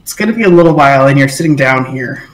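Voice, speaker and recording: A man's voice: mid-range voice, animated, fast, echoey room, poor audio. A man narrating as game master, rambling with many fillers.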